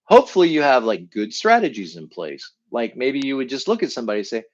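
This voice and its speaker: A middle-aged man giving a live teaching talk as a coach, animated and acting out what people say in a higher voice. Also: quick pace, muffled recording. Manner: animated, acts out quoted voices in a higher pitch. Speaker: enneagram coach.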